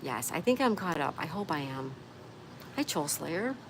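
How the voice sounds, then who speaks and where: With a low voice and a moderate pace, a woman hosts a casual livestream chat, reading her viewers' comments aloud and replying to them. Traffic passes over steady background noise.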